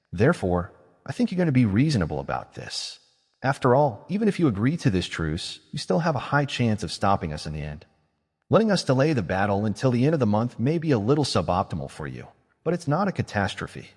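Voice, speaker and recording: A man voicing a calm, scheming male mage who reasons in a measured way. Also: medium pitch, slightly rough, in a large hall, exaggerated voice.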